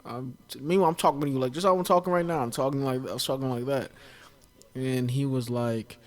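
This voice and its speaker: Male podcast host, relaxed and chatty, rambling storyteller. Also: medium pitch, quick pace. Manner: chatty storyteller, many "like" fillers. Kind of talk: casual podcast conversation.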